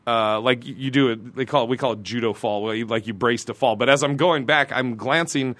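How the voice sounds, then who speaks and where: A man, a comedian guest, telling an animated story, laughing through it and acting out the people in it. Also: medium pitch, brisk, no room sound. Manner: laughs through his story, acts out quotes.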